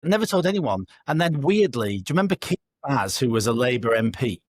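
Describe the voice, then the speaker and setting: A man's voice: medium pitch, very animated, fairly quick, dry recording, studio quality. A middle-aged man, a podcast co-host, chatting in a self-mocking, rambling, wry way over a video call. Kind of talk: casual chat. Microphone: remote video call.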